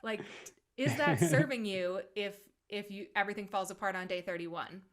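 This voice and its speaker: A woman's voice: medium pitch, moderate pace. Lady hosting a wellness podcast, casual chat, laughs along a lot. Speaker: podcast host, wellness coach.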